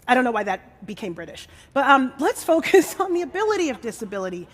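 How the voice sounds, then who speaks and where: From a stage, a woman who is a musician and disability advocate gives a bold, sassy, joking speech. Her voice is on the high side, very animated and a little fast. The live hall adds long reverb.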